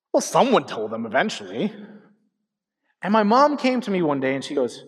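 A man's voice: fairly high pitch, wildly swooping pitch, moderate pace, pauses often, husky. A man in his thirties preaching a sermon as pastor, telling stories animatedly and speaking directly to the congregation. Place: church sanctuary. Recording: hall reverb.

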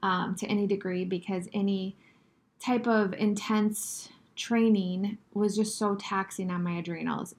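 A young adult woman hosting a podcast, telling a casual personal story in a chatty way with many fillers. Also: mid-range voice. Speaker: podcast host.

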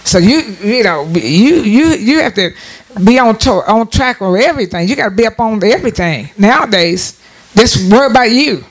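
Her voice is on the high side and expressive, at a normal speed, as this sixty-something woman delivers a relaxed preaching talk to her audience. Emphatic, she repeats words, starts over often, and lifts her voice sharply on key points.

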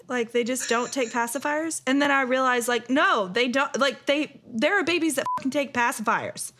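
Woman, 30s, podcast co-host, bright-pitched and chatty, easy laughter. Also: normal speed, few pauses. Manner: chatty, laughs often, filler-heavy "like". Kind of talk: casual podcast chat.

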